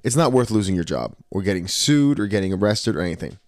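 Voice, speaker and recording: A man's voice: on the low side, fast talker, no room sound, studio quality. A man co-hosting a casual podcast, telling a profane story and acting out the people in it. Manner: animated storyteller, acts out quotes, swears freely. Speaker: podcast co-host.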